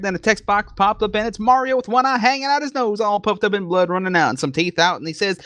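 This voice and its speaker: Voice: mid-range voice, fairly quick, few pauses, fairly bright tone. A person reading a horror story aloud with sarcastic, profane commentary, stumbling over the clumsy text. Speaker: story reader and co-host.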